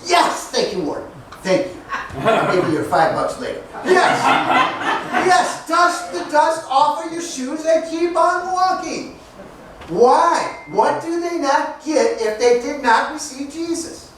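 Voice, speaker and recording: A man's voice: very high-pitched, animated, slow. A male pastor preaching a sermon in a joking, conversational way, asking the congregation questions and answering back. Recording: echoey hall picked up from a distance, faint noise.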